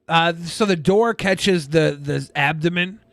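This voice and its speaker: A man's voice: on the high side, a little slow, vocal fry, fairly bright tone, no room sound. A man co-hosting a podcast in casual chat, with blunt, crude banter. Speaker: podcast co-host.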